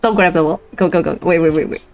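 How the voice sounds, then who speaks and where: A woman's voice: fairly low pitch, quick pace, low-quality recording. A woman streaming a co-op game, giggling and exclaiming often in casual chat. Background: faint lofi music.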